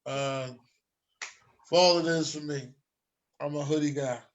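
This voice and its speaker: Easygoing man, slightly high voice. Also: fairly even intonation, slow pace. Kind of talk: casual chat.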